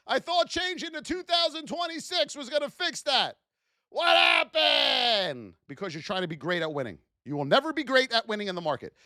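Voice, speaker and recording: A man's voice: very high-pitched, bright, forceful tone, no room sound, clean studio sound. A man teaching a live trading class, speaking animatedly to his chat and acting out traders' frustrated self-talk. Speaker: trading instructor.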